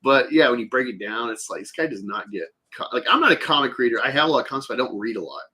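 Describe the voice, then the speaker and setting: A man with a husky, slightly rough voice that still has a bright, forward edge. He talks in a loose, rambling way, full of fillers and casual swearing, as he chats on a podcast. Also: mid-range voice, expressive, very fast. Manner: rambling, filler-heavy, profane. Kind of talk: casual chat.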